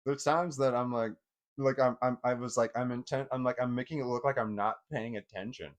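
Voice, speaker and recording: A man's voice: medium pitch, steady tone, brisk. A middle-aged man telling a personal story in casual vlog talk, rambling and profane, with many restarts. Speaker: vlogger.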